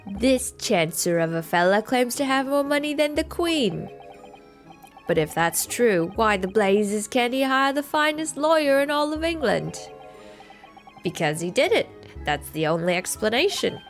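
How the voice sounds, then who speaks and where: A woman voicing a brash, scheming middle-aged man with a lilting brogue, gruff and slow, in a game playthrough. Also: on the high side, sing-song, faint music behind, pitched above the performer's own voice. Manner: blustering and conspiratorial. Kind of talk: video game voice-over playthrough.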